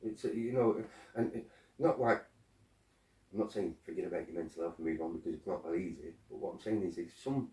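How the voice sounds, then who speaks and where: Guy telling stories on a podcast, low dark voice, sounds far off in a roomy space. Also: fairly quick. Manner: animated storytelling, acting out quoted arguments, swears. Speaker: guest. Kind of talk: casual podcast conversation.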